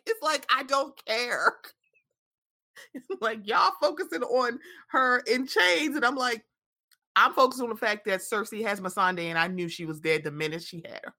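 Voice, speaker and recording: A woman chatting casually and profanely about a TV episode, animated and full of "I'm like.". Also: a little high, normal speed. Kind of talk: casual chat recapping a TV episode.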